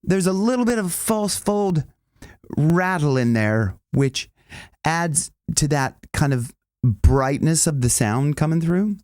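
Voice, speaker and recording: A male vocal coach explains singing technique casually and enthusiastically, his pitch swinging widely as he talks. He rambles and restarts often, and the recording is close and dry. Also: expressive, takes it slowly, darkish tone, no room sound. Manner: enthusiastic, rambling, with many restarts and sung demonstrations.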